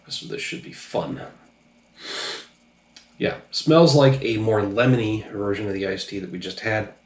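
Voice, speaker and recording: Low-voiced tipsy man in echoey room. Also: measured pace. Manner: loose, profane, rambling with many fillers. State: a little tipsy. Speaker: drinks reviewer. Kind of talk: casual review vlog.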